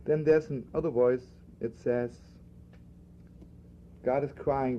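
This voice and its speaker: A rabbi giving an informal spoken lesson, talking conversationally and repeating himself for emphasis. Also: male voice, medium pitch, steady tone, measured pace, pauses often. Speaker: rabbi teaching a class. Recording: dull lo-fi archival recording with faint background noise.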